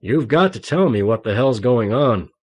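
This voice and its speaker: A man's voice: medium pitch, expressive, moderate pace, slightly rough. A man playing a shaken, ragged-voiced young man. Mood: bewildered. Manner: ragged, agitated, loud. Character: tortured young male teacher, shaky, bewildered.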